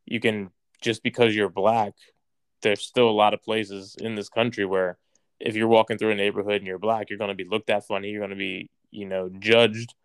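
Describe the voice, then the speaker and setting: A young man chats in a low, smooth voice, recorded very dry and close. He retells events in a rambling way, filling every pause with "like". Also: flat delivery, no room sound. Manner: rambling, heavy use of "like". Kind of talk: casual conversation.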